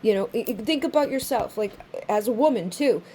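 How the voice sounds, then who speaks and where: A woman talks through a tarot reading in a loose, chatty way. Her voice is mellow and warm, never sharp. She swears freely and slips into little acted-out quotes, over a faint room hum. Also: a little high, expressive, a little fast. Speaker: tarot reader. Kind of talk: casual spoken tarot reading.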